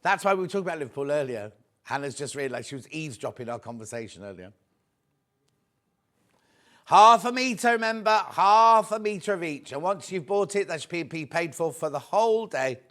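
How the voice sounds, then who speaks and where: This live TV shopping host talks briskly with lively intonation, his voice sitting slightly high for a man. His patter is bright and chatty as he greets viewers by name and presses them to buy before stock is gone.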